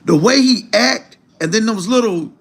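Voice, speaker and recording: Older man, live-stream host, blunt and profane, slightly raised pitch. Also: expressive, moderate pace, a bit bright. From Mississippi, USA. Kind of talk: live commentary reacting to clips.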